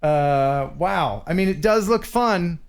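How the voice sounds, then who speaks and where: A man's voice: fairly high pitch, lively intonation, takes it slowly, vocal fry, smooth. A man from the United States hosting a casual live stream, joking and reading viewers' chat messages aloud. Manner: jokey, teasing, reads chat messages aloud. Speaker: host.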